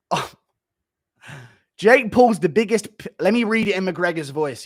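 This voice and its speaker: A man, reacting to chat on a livestream, giving blunt, dismissive, rapid-fire verdicts. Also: on the low side, very animated, no room sound, clean studio sound. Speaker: streamer.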